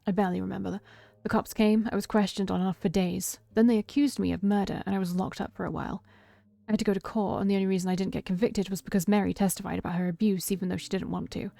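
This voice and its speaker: A woman voicing a troubled young man who confesses a past killing, read in a quiet, heavy tone with a gravelly edge. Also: mid-range voice, fairly even intonation, quick pace, no room sound, close to an everyday voice. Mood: grim.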